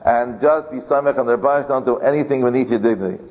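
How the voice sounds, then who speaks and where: Chatty rabbi, echoey dull hall recording. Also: male voice, medium pitch, very fast, darkish tone. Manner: chatty, repeats words, chuckles often. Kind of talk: Torah class with personal storytelling.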